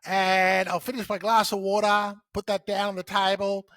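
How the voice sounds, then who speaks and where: A high-pitched man speaks as a podcast guest, explaining his approach in a lively, conversational way. He often acts out short bits of dialogue. The recording is close and dry, with no room echo. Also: moderate pace. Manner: animated storyteller who acts out dialogue. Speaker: podcast guest, sales author. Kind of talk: conversational teaching.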